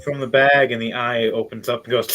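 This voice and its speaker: A man's voice: mid-range voice, sharp tone, rough recording. A man narrating a tabletop game as game master, in a rambling, playful way.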